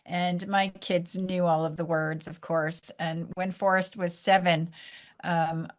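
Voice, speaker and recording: A woman's voice: on the low side, slow pace. A woman hosting a podcast, chatting casually and telling a story with frequent laughter. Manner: laughs often, animated storyteller. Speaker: podcast host. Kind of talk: casual conversational interview.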